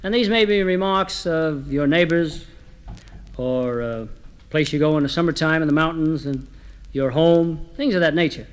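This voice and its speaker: A man telling comic stories, delivering one-liners with a deadpan manner. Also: fairly high pitch, normal speed, smooth. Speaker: comedian. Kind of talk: comic storytelling.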